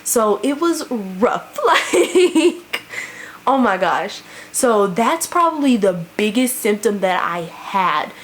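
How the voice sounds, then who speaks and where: A woman's voice: medium pitch, very animated, slow pace. A young woman talks to her camera at home in a loose, chatty vlog style. She laughs often and leans on "like" and "you know" as she goes. A faint hiss sits behind her voice. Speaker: vlogger. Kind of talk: casual chat to camera.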